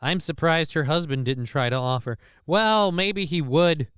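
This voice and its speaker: A man's voice: fairly high pitch, measured pace, a bit bright, smooth, no echo, clean studio sound. A man giving casual, rambling, sarcastic commentary as he reacts to a video.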